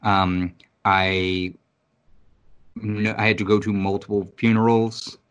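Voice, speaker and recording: Low-voiced profane New York man rambling. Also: slow, smooth. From New York City. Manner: rambling, profane, animated storytelling. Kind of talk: casual conversation. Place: Virginia.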